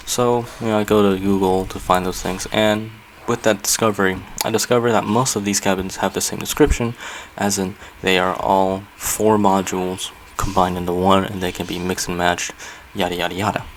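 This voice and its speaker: A man's voice: low-pitched, flat delivery, moderate pace, few pauses, a little hiss or hum, rough recording. A man hosting a casual building video, chatting loosely and thinking aloud with frequent fillers and self-corrections. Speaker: Minecraft builder and channel host. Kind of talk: casual gameplay commentary.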